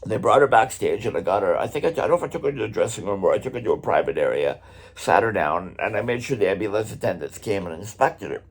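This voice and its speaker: Husky, animated middle-aged man telling a story. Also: on the low side, fast talker. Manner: animated, conversational, swears casually. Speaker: drummer and vlog host. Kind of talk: casual storytelling vlog.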